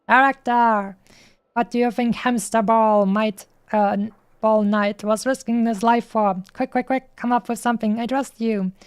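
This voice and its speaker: A woman's voice: on the high side, fairly even intonation, a little slow, clear, resonant tone. A woman streamer reading game dialogue aloud in a playful way, stopping often on fillers as she goes.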